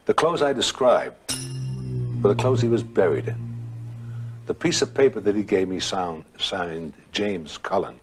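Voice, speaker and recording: Older male storyteller, very deep and husky, rambling delivery with dramatic pauses; a spoken ghost tale told from memory. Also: a little mellow.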